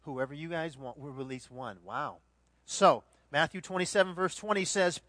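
A man preaching a sermon, moving between hushed reflection and loud, dramatic retelling of the scene. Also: a little high, normal speed, no echo. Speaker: pastor.

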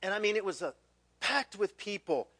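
Male pastor, high voice, casual animated sermon delivery, lots of restarts. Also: normal speed, slightly rough. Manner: conversational, animated, many restarts and repeated words.

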